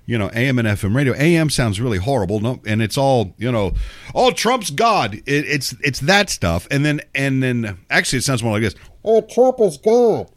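A man hosting a talk radio show, rambling and sarcastic with plenty of cursing, getting over a cold and clearing his throat. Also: mid-range voice, animated, brisk, few pauses, a bit bright, dry recording. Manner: sarcastic, profane, rambling with restarts. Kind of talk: casual talk radio monologue.

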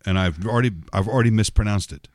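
Chatty radio host man, low-voiced. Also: fast, darkish tone, no echo, studio quality. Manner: rambling, chatty, self-correcting storyteller. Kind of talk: casual radio chat. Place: radio studio.

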